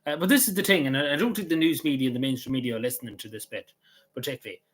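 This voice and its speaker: A man with a Cavan Irish accent talks quickly on a casual livestream. His voice is bright and tense. He rambles, breaks off and restarts his sentences, and fills the gaps with "um" and "like.". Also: medium pitch. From Ireland. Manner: rambling, full of restarts and fillers. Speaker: vlogger.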